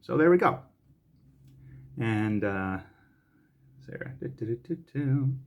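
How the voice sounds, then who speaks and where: A man's voice: medium pitch, lively intonation, takes it slowly, muffled recording. Playful man coaching tongue twisters. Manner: playful, laughs often, recites lines with rising energy. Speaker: voice actor teaching tongue twisters. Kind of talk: casual on-camera lesson.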